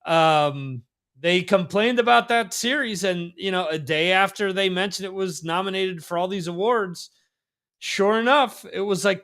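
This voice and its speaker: A man's voice: high voice, measured pace, a bit bright. A man hosting a casual talk show, rambling with frequent fillers and laughs. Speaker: podcast host. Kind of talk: casual chat. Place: lives in Spain.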